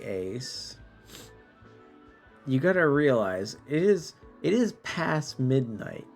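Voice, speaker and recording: A man chats through a late-night game stream, sleepy and a bit tipsy, with a slow, drawling delivery. His voice has a gravelly fry as he trips over words and pokes fun at himself. Faint game music plays under his talk. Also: medium pitch, sing-song. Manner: drawling, self-deprecating, stumbling over words. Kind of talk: casual live-stream commentary, translating French game text.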